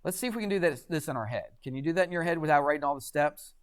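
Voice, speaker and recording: A man's voice: a little high, animated, racing, clear, resonant tone. A man teaching a math class in a classroom, chatty and quizzing students with frequent questions. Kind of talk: classroom lecture.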